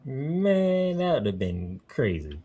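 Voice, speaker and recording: A man co-hosting a casual wrestling podcast, easygoing and quick to laugh as he asks questions. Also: mid-range voice, very animated, mellow, slight background noise. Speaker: podcast co-host.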